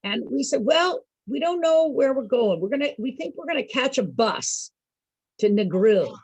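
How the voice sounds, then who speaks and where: Woman, animated storyteller, swooping pitch, slightly husky, dry close sound. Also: moderate pace, dry recording, low-quality recording. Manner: lively, laughs often, asks the listeners questions. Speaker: entertainer for program participants.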